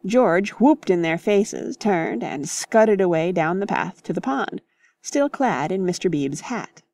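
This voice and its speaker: A woman narrating a classic novel in measured, lively storytelling. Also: on the low side, dry recording. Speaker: audiobook narrator.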